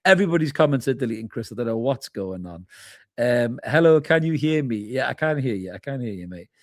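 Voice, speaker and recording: A man's voice: medium pitch, lively intonation, fairly quick, no room sound, studio quality. Chatty man hosting a live fan reaction. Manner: chatty, informal, calls viewers mate. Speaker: fan channel host. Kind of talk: live match reaction, reading chat comments.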